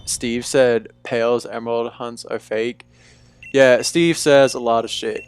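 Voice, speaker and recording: Young man, laid-back livestream host, mid-pitched, chatty, faint music underneath. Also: steady tone, unhurried, clear, resonant tone. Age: young adult. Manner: laid-back, chatty, calls viewers "dude". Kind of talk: casual live-stream chat. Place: room at home.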